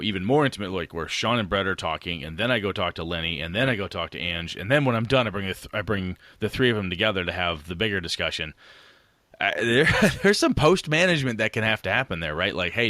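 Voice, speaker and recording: Forceful low-voiced man, frank podcast chat. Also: dry recording. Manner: frank and animated, swears casually. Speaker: podcast co-host. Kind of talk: casual gaming chat.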